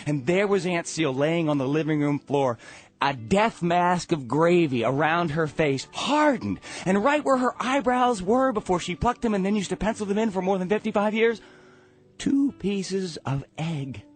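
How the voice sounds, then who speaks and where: A man telling a comic family story in a theatrical way, swinging from loud to hushed. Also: on the high side.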